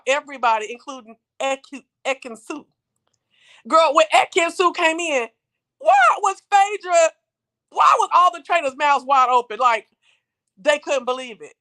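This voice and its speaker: A woman hosting a casual live-stream recap, talking in a chatty, slangy, animated storytelling way. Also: high voice. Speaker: show recap host.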